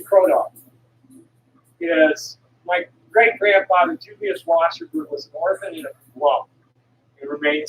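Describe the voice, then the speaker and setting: A woman's voice: medium pitch, creaky, slight background noise. A woman in her sixties, a traveling herbal medicine seller, talking in a rambling, digressive monologue full of restarts and the odd blunt curse. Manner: blunt, occasionally profane. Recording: echoey room from some distance, faint ambience.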